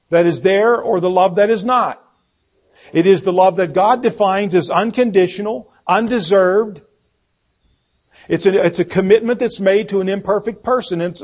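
Male preacher, sermon delivery, husky tone, pitched a bit high. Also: moderate pace, a little mellow. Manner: reads scripture aloud, repeats key words for emphasis.

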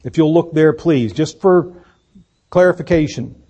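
Pastor, male, somewhat raised pitch, measured emphatic sermon delivery from the pulpit of a church. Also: warm tone, breathy edge. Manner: deliberate, emphatic preaching with fillers and restarts. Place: church sanctuary.

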